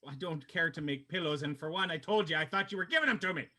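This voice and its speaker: A man putting on a gruff innkeeper woman, raised voice, blunt, crude, bossy. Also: fairly high pitch, fast talker, pushed and bright. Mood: businesslike. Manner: blunt, bossy and foul-mouthed. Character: crude, gruff older female innkeeper who calls people dearie.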